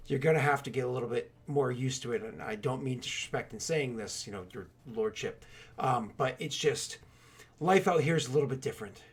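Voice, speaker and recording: A man's voice: slightly rough, lightly acted. A man voicing a ruthless frontier soldier. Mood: stern. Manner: slow shouted threats, cold low contempt. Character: ruthless male frontier soldier, cold and menacing.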